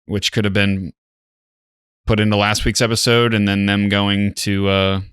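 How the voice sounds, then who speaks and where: A tired young man chatting casually as a reaction show co-host, sighing as he talks. His voice is low-pitched yet bright and forceful. It sounds dry and close to the mic. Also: monotone, unhurried, clean tone, dry recording. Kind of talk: casual chat.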